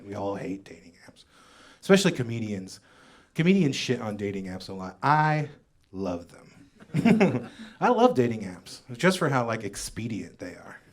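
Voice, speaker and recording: A man doing a stand-up comedy set on stage in a comedy club, with wry, deadpan asides that trail off. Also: medium pitch, unhurried.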